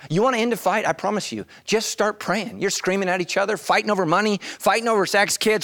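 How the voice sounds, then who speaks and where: A middle-aged man, a pastor, preaching an animated comic sermon full of storytelling, shouts and acted voices. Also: sits high, normal speed, no room sound, studio quality.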